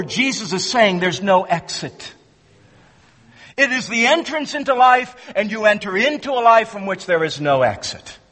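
Male preacher, high bright voice, emphatic and repetitive delivery, long church reverb. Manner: emphatic, swings between loud stresses and hushed low words, repeats himself. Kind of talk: sermon. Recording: long reverb of a large hall.

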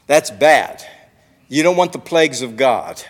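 A man's voice: medium pitch, very animated, unhurried, big-room sound. A man preaching a sermon in an earnest way, his voice swelling and dropping in volume.

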